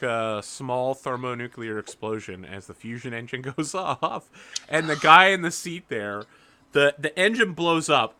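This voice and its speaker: Bright-voiced man running a tabletop game. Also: mid-range voice. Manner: animated, profane, lots of fillers. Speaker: game master.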